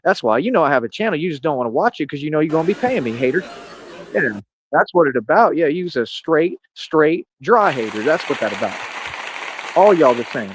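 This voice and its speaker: A man's voice: on the high side, big pitch swings, fairly quick, slight background noise. A man ranting on a live stream, boastful and confrontational, full of street slang. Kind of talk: casual ranting monologue. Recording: dull lo-fi stream audio.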